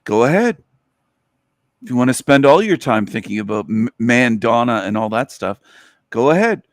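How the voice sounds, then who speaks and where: A man's voice: medium pitch, very animated, normal speed. A male podcast host delivering a mocking, sarcastic rant in a mid-range voice. He hammers his points by repeating phrases. The sound is dry and close, with no room echo. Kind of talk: solo podcast commentary.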